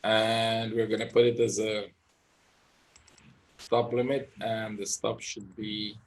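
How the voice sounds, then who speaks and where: A man's voice: on the low side, level tone, slow pace. A man giving live trading session commentary as an instructor, thinking aloud and often tagging his points with "right?".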